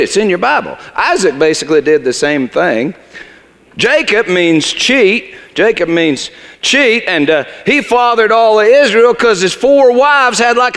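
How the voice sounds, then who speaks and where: A man playing a bitter redneck shepherd. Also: exaggerated voice. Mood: mocking. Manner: folksy drawl, swings from loud mockery to low bitterness. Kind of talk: theatrical character monologue. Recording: long reverb of a large hall.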